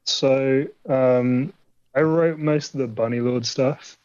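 A man's voice: medium pitch, fairly even intonation, takes it slowly, darkish tone, clear, resonant tone, no echo. Rambling man on a dull lo-fi line. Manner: rambling, full of "like" fillers. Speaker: indie game developer guest. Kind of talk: casual podcast chat. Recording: dull dry lo-fi audio.

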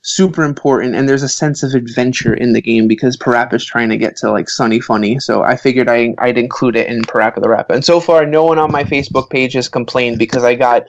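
Animated Brooklyn man in his thirties. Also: medium pitch, fast talker, few pauses, dry recording, dull audio. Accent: New York. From Brooklyn, New York. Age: 30s. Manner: animated storyteller, acts out quotes. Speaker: book author guest. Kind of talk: casual podcast chat.

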